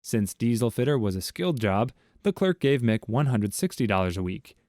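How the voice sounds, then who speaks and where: A man reading short jokes aloud as scripted narration, with a steady storytelling delivery. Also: mid-range voice, normal speed, no echo, studio quality. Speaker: joke narrator.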